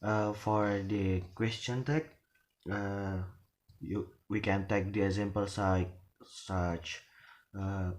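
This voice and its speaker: Slow, halting low-voiced man presenting. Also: fairly even intonation, a little mellow. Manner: halting, with frequent restarts and filler words. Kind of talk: classroom presentation on English pronunciation.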